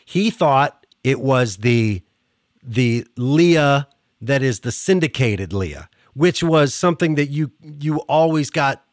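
A man's voice: mid-range voice, animated, takes it slowly, no room sound, clean studio sound. A man from the Pittsburgh area with a Pittsburgh accent, hosting a casual interview. He laughs often and keeps restarting his sentences. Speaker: podcast host.

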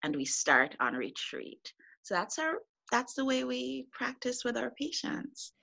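Bright-voiced woman doctor guest. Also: a little high, big pitch swings, unhurried, gravelly. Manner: upbeat, chatty, self-amused. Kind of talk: interview conversation.

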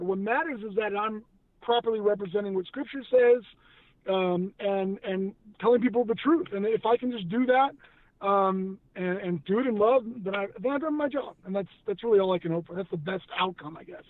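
High-pitched guy on a tinny phone-like line, earnest, keeps restarting, dry sound. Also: brisk, no room sound. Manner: earnest, emphatic, many restarts. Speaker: guest, former actor now in news media. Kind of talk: casual conversation on faith.

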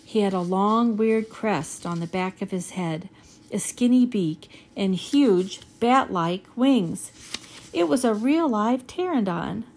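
A woman reading a children's chapter book aloud in a steady storytelling manner. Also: mid-range voice, slow. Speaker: reader.

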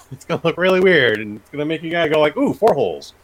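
A man doing a hammy old-time gangster pitchman. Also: very animated, fast. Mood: hammy pitching. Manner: wheedling, repeats okay and you see. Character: male 1940s gangster-type TV producer pitching a show.

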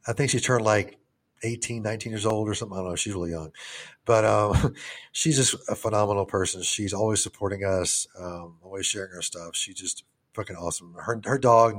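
A middle-aged man co-hosting a podcast, rambling casually with plenty of swearing and jokes. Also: fairly low pitch. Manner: rambling, profane, joking. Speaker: podcast co-host.

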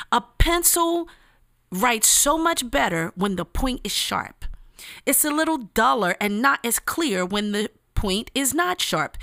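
A woman's voice: on the high side, bright, forceful tone, dry recording, clean studio sound. A woman giving a motivational devotional talk, earnest and emphatic, with casual slang and repeated phrases. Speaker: speaker giving a devotional message.

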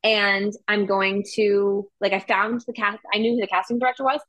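A woman's voice: mid-range voice, level tone, normal speed, a bit bright, dry recording. A woman co-hosting a podcast, rambling through a personal story in easy, chatty talk full of "like." Her voice sits in a middle register. The recording is dry and close. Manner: chatty storytelling, heavy use of "like". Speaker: podcast co-host. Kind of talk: casual chat.

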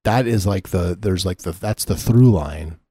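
Very deep, dark-voiced deadpan man. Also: measured pace, slightly rough, no echo, studio quality. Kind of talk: casual comedic chat.

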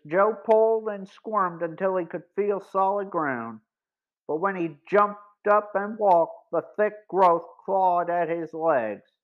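A man narrating a boys' mystery audiobook in a measured, deliberate reading. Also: sits high. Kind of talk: scripted story narration. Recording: dull lo-fi recording.

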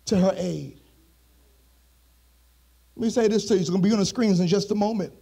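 A man's voice: high-pitched, brisk, creaky, dark tone. A male pastor preaching a sermon with a musical, sing-song delivery, repeating phrases for emphasis. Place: church streamed online.

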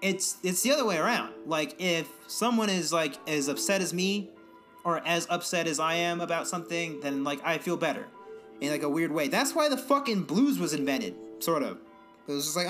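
A young man in casual profane chat, ranting and mimicking other people in high voices. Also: lively intonation, normal speed, over music.

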